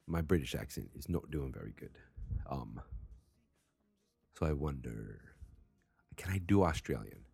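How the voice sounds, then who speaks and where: A man's voice: very deep voice, expressive, measured pace, creaky, long pauses, a little mellow, breathy edge, dry recording. A man with a Massachusetts accent, hosting a wrestling talk show in rambling, profane, self-mocking casual chat. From Massachusetts, USA.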